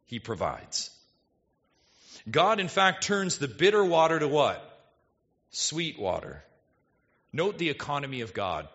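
A male pastor preaching an expository sermon, animated and full of rhetorical questions to the congregation. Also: mid-range voice, lo-fi sound.

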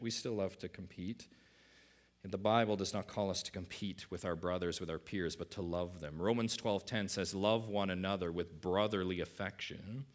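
A middle-aged man preaching a sermon as pastor, dropping low and quiet, then rising loud for emphasis.

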